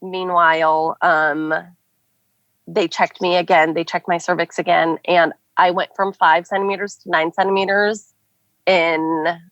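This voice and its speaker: A young woman with a lowish voice tells her story as a podcast guest, in a chatty way full of "like" and "um." The recording is dry and a little dull. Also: level tone, unhurried, a bit bright, no room sound. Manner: chatty, many "like" and "um" fillers. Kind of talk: casual storytelling.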